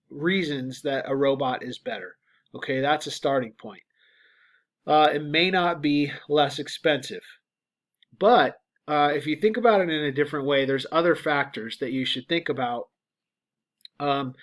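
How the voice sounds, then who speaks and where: A man giving a casual guest lecture to graduate students online, talking through points with fillers and frequent "right?" checks. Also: fairly high pitch. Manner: conversational, explains with many fillers and "right?" checks.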